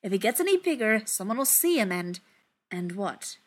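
A woman's voice: mid-range voice, big pitch swings, moderate pace. A woman reading the part of a worried young male dwarf who speaks in urgent hissed whispers. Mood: anxious. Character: young male dwarf, anxious older brother.

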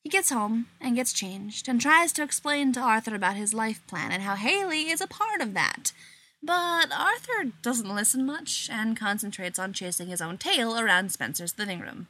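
A woman narrating a short story in an unhurried, expressive way. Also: a little high.

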